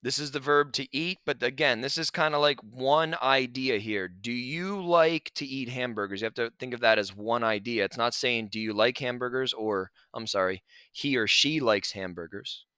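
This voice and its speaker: A man teaching a grammar lesson over slides, relaxed and chatty, with asides to his students. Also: mid-range voice, moderate pace, hardly any pauses, clean tone, no echo. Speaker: Spanish teacher.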